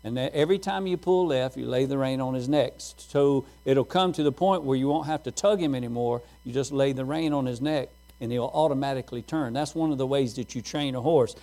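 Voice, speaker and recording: A man's voice: mid-range voice, a little fast, few pauses, mellow. A middle-aged man preaching a sermon, telling folksy stories and laughing at his own jokes.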